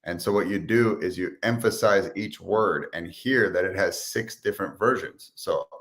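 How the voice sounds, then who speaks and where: A man with a fairly low voice speaks as a podcast guest in a relaxed, chatty way. He lights up when he quotes people, acting out their lines as he tells his business stories. His delivery is conversational and keeps moving. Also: normal speed, hardly any pauses. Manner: animated storyteller, acts out quotes. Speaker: guest, sales expert and entrepreneur. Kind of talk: casual podcast interview.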